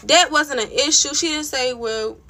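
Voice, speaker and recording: A woman's voice: on the high side, lively intonation, brisk, pushed and bright. A young woman vlogger telling a story in a casual rant, blunt and profane, with lots of "like" fillers. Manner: blunt, profane, heated retelling with many "like" fillers.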